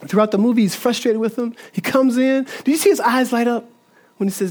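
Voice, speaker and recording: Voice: medium pitch, a little fast, darkish tone. A pastor preaching a sermon earnestly, repeating phrases and building in bursts.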